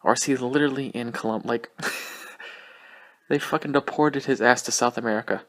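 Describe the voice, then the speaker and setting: A young man hosting a casual solo podcast, rambling and swearing, laughing often and talking fast. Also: medium pitch, steady tone, fairly bright tone. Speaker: podcast host.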